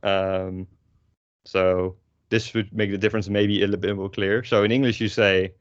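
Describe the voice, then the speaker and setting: Dutch-accented man, teacher, low voice, lots of fillers, dull dry mic sound. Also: little pitch movement, moderate pace, no echo. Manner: rambling, with many fillers and self-corrections. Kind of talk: online lesson. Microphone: own microphone with a pop filter.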